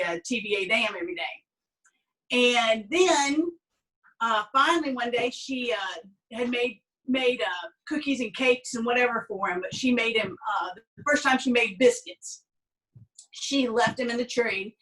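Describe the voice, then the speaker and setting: A woman's voice: on the high side, a bit bright. A woman with a Southern American accent teaching a cooking class, talking in a folksy, chatty way with many fillers. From Southern United States. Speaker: cooking instructor. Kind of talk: cooking class with family storytelling. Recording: voice a bit distant from the mic.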